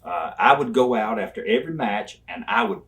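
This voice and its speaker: Older man telling lively stories. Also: medium pitch, a little fast, gravelly, far from the mic. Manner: animated, acts out dialogue. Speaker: interview guest. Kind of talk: storytelling in an interview.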